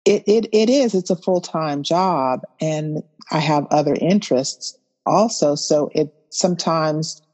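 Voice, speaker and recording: A woman's voice: sits low, darkish tone. Thoughtful woman in a reverberant room. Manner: measured, thoughtful, listing things slowly. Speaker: guest, farmer and author. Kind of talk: podcast interview. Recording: roomy with long reverb.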